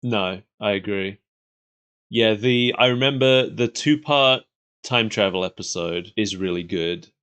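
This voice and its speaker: A man's voice: fairly low pitch, measured pace, a bit bright, smooth. A man co-hosting a podcast, chatting casually about an old cartoon and laughing often. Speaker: podcast co-host. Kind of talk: casual chat reviewing a cartoon.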